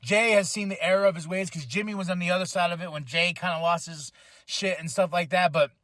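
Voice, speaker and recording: Man, podcast host, rambling casual review, bright tense voice, close dry mic. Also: high-pitched, brisk, dry recording. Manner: excitable, rambling, swears freely, acts out quotes. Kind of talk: casual wrestling show review.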